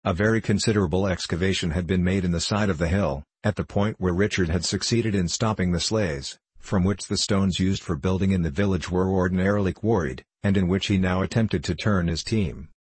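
A man narrating a classic novel in a measured, even way. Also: low-pitched, slightly rough, no room sound. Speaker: audiobook narrator.

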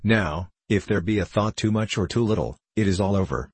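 A man's voice: fairly low pitch, a little fast, a little mellow, breathy edge, no room sound. A man voicing an intense, obsessed male scientist who speaks impetuously in old-fashioned words, in an audiobook reading. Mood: earnest.

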